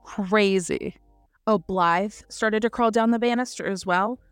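Animated woman podcast co-host. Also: medium pitch, unhurried, smooth, no echo, faint music behind. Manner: animated retelling with acted-out quotes and swearing. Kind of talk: casual book review chat.

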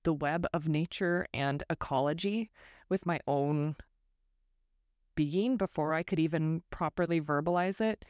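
This podcast host from Northern California delivers a reflective solo monologue into a close mic, wandering into self-deprecating asides. She speaks at a measured pace in a low-pitched, darkish voice, with no room sound.

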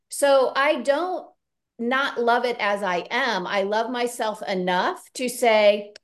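A woman co-hosting a self-help podcast, talking in a candid, animated way with casual swearing. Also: on the high side, a little slow.

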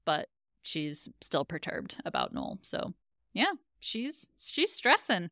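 A woman's voice: fairly low pitch, huge pitch swings, slow, pushed and bright, no echo, studio quality. A woman co-hosting a podcast, casually recapping a TV episode in storytelling fashion and laughing often.

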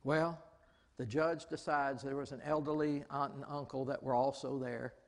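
A man preaching a lively storytelling sermon in a large church hall, exclaiming often and acting out the people he quotes. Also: medium pitch, normal speed. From Southern United States. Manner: animated, exclaims often, acts out quoted voices. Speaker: pastor. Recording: long hall reverb.

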